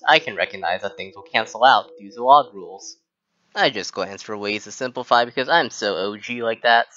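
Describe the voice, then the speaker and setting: A man's voice: on the low side, pushed and bright, highs cut off. A young man from the United States narrating a calculus walkthrough with mock-arrogant, sarcastic boasting. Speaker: student tutor. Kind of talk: sarcastic math walkthrough voice-over.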